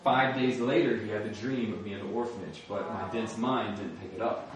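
A man's voice: lowish voice, fairly quick, distant mic. A young man preaching his testimony, earnest and storytelling, acting out his own prayers. He sounds set back from the mic in a very echoey hall. A faint hum of room noise sits underneath. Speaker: speaker giving a testimony. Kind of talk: sermon testimony.

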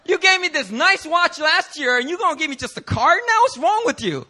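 A man's voice: very high-pitched, sing-song, fairly quick, pushed and bright, voice pushed up, full character voice. A preacher voicing an indignant young man who complains angrily about a gift, with whiny, exaggerated outrage.

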